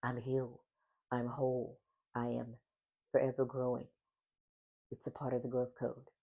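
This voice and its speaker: A man's voice: mid-range voice, monotone, normal speed, gravelly, husky, dull audio. A man hosting a solo faith-based podcast, talking with a smile in his voice and repeating affirming phrases. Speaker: podcast host.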